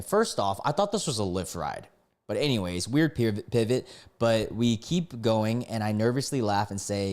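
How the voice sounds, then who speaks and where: A man's voice: fairly low pitch, lively intonation, moderate pace, darkish tone. A man streaming live, reading stories aloud and breaking off to react and greet his chat.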